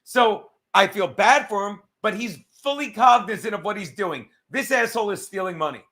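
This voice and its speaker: Male host, high bright voice, crude mocking sports rant. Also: moderate pace. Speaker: show host.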